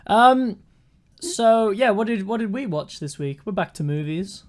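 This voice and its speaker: A man's voice: high voice, animated, unhurried. A young man, co-hosting a podcast in a joking, teasing way. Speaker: podcast co-host. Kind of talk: casual chat.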